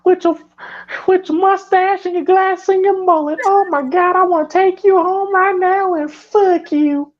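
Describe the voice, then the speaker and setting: A man voicing a lovestruck woman waitress in a gushing, breathless falsetto. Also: fairly even intonation, a little slow. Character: swooning flirty woman waitress. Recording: dull lo-fi audio.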